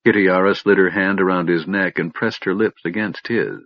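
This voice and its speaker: A man narrating a fantasy audiobook in an expressive, dramatic storytelling manner. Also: low voice, moderate pace, no echo. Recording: dull lo-fi recording.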